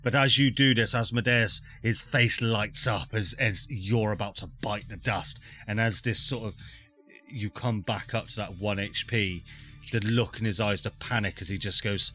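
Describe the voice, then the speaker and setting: Guy dming, lowish voice but real bright, music under it, gets dramatic. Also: fairly even intonation, moderate pace. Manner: dramatic, swears freely. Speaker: dungeon master. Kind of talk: narrating a tabletop game.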